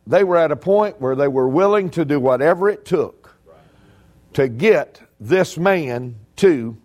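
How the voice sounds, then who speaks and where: A man's voice: high voice, a little mellow. Folksy preacher man. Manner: folksy storytelling with humor. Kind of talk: sermon.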